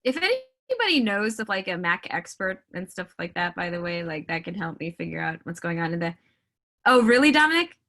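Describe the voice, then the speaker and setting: A woman's voice: lowish voice, a little fast, hardly any pauses. A woman leading a casual sales training call over a video meeting, chatty and full of fillers. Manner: chatty, filler-heavy, animated.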